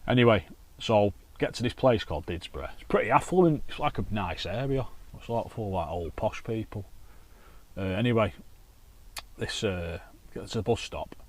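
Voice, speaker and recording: A carp angler who vlogs chats to camera beside a lake while fishing, telling stories casually and peppering them with swearing. His pitch is fairly low, his intonation lively, his speed normal.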